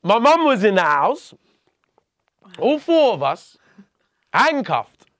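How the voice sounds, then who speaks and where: A man telling a personal story as a podcast guest, blunt and animated, often restarting his sentences. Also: high-pitched, slow pace, no echo, clean studio sound.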